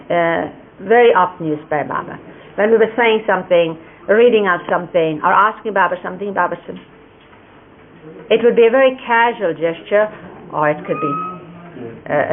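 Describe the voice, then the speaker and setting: An older woman gently recalling a teacher's hand gestures, explaining each one at an unhurried pace. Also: mid-range voice, animated. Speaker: speaker recalling a spiritual teacher. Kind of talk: reminiscing explanation. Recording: lo-fi phone-like archive recording with faint hiss.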